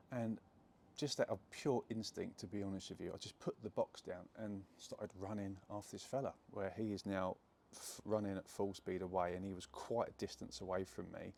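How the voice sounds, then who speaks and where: A young adult man, a property investor, chats his way through a true story to the camera, using plenty of fillers. His voice is low and creaky with a darkish tone, and there's slight background noise.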